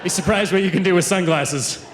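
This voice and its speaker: A man's voice: high voice, a little fast. A man doing stand-up comedy, teasing the crowd in a conversational way, on stage. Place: live comedy venue. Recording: live stage with hall reverb and audience noise.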